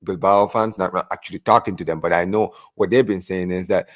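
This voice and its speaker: A man's voice: low-pitched, steady tone, a little fast, no echo. Guy on a football podcast, chatty, keeps saying right, dry close recording. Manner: chatty, keeps checking in with the listener. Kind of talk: casual football chat.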